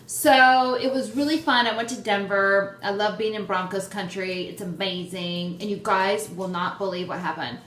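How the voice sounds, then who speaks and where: A young woman hosting her own vlog, chatting excitedly and poking fun at herself. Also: mid-range voice, normal speed, hardly any pauses. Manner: excitable, chatty, self-deprecating. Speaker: host. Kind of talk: casual vlog chat. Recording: roomy echo, faint background noise.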